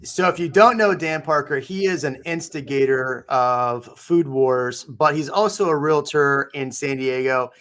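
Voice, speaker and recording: A man's voice: medium pitch, measured pace, few pauses, a bit bright. A man hosting a casual livestream chat as a realtor, joking and laughing often.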